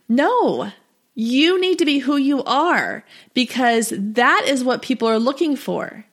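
A woman's voice: a little high, unhurried. Chatty, encouraging woman podcast host. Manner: chatty, direct and encouraging, with lively asides. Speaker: podcast host and business coach for photographers. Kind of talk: solo podcast coaching talk.

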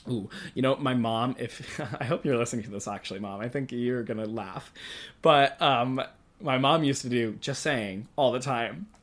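A young adult in their early twenties hosts a solo podcast in a loose, casual way. The talk drifts and rambles, full of self-aware asides and frequent giggling, in a middle-pitched voice. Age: early 20s. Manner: rambling, giggly, laughs often; self-conscious, chatty, talks to self. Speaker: podcast host.

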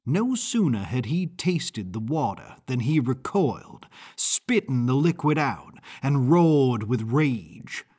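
A man reading first-person audiobook narration in a measured, deliberate way. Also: mid-range voice, big pitch swings, darkish tone, breathy edge.

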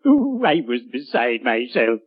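Lugubrious sitcom undertaker. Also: male voice, mid-range voice, huge pitch swings, measured pace, husky, exaggerated voice. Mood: mournful, unctuous. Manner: lugubrious, overly formal and unctuous. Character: gloomy, oily middle-aged male undertaker. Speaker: undertaker neighbor. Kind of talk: 1940s radio sitcom acting. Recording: muffled old radio broadcast.

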